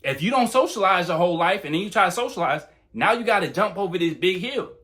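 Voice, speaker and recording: A young man talking fast and bluntly, with plenty of swearing, in a casual monologue giving dating advice on his channel. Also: high voice, animated, a bit bright. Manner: blunt, profane, talks fast.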